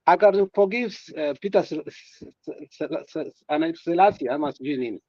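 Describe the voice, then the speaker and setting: A man's voice: on the high side, moderate pace, a little mellow, dry recording, lo-fi sound. A man giving political commentary in a passionate way, repeating words and using many fillers. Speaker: guest commentator.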